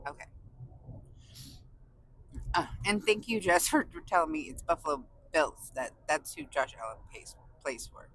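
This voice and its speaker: A woman's voice: sits low, expressive, moderate pace, long pauses, a bit bright, slight background noise, poor audio. A woman from California vlogging to her viewers in a casual, gushing, emotional way, often close to tears and laughing. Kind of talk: casual chat to camera.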